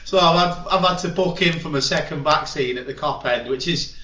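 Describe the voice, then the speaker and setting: A man's voice: a little high, brisk, sharp tone, muffled recording. A man hosting a football channel, chatting casually with rambling asides and reading from the newspaper. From Liverpool, England. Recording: roomy echo, faint background ambience.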